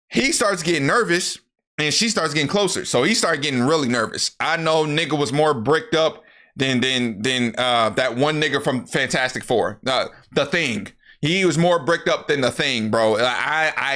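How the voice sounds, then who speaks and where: A young man tells a movie plot in a loose, profane, animated way. His voice sits a little high and comes out bright and sharp. He keeps slipping into the characters' lines as he talks. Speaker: YouTuber recapping a movie. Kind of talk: casual movie recap.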